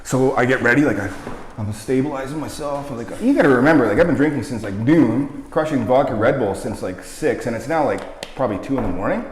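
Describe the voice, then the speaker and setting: A medium-pitched man speaks briskly over a crowd in the background, a guest munching hot wings while he rambles through a story, laughing and swearing. The room is echoey with long reverb.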